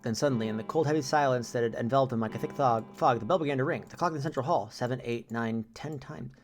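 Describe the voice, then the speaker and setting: A man's voice: medium pitch, quick pace, faint music behind. A man streamer reading a visual novel aloud, breaking in with casual joking asides.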